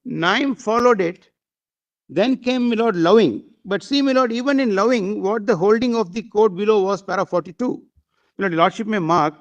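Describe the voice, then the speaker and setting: A man's voice: high voice, muffled recording. A man arguing a case before a bench of judges, deferential and hesitant, constantly saying "my lord". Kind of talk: courtroom argument.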